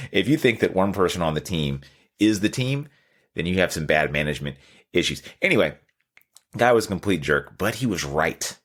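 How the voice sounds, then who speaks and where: A man's voice: low-pitched, animated, fairly quick, a bit bright. A man, telling a candid, self-deprecating story in a casual podcast chat. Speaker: podcast host.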